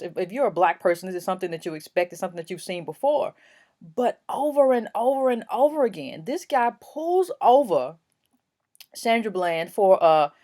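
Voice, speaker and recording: A woman's voice: medium pitch, darkish tone. A woman hosting her own commentary vlog, talking emphatically and indignantly, with many fillers and restarts. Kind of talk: opinion commentary to camera.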